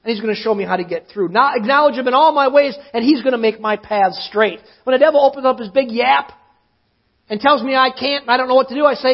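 A pastor preaching a sermon, emphatic, often slowing down to stress his words. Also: extremely high pitch, dull audio.

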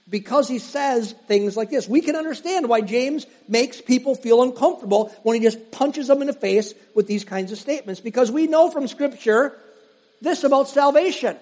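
A male pastor with a very high voice preaches a sermon. He leans on slow, emphatic pauses, then rushes through quick asides. The sound rings with the long reverb of a large hall. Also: lively intonation, a little mellow.

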